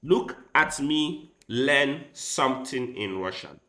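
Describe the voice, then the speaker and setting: A man's voice: mid-range voice, expressive, slow, bright, forceful tone. A man chatting casually with his livestream viewers, rambling and speaking straight to them. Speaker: chess streamer. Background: faint background music.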